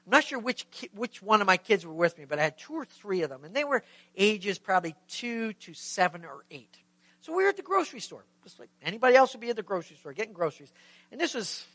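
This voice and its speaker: A middle-aged male pastor delivering a sermon with a high, bright and ringing voice. He tells a story emphatically and keeps asking his listeners questions. The sound is dry and close, with no room around it. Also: dry recording.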